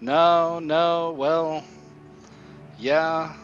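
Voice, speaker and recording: A man's voice: fairly high pitch, flat delivery, extremely slow, soft background music, pitched above the performer's own voice. A man putting on a friendly middle-aged village constable who greets strangers eagerly, with a folksy, raised voice. The recording is dull and lo-fi. He runs a tabletop game.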